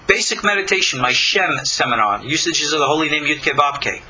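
An older man from Long Island, giving a slow, deliberate spiritual lecture with many pauses. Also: a little high, expressive, sharp tone, a little hiss or hum, low-quality recording. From Long Island, New York. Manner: slow, deliberate, pausing between phrases. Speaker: spiritual teacher.

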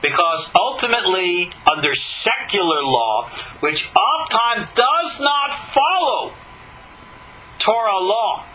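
A bright, emphatic man teaching Torah. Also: sits high, big pitch swings, slight background noise, low-quality recording. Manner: emphatic, rhetorical questions, dramatic pauses. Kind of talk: live-streamed Torah lesson.

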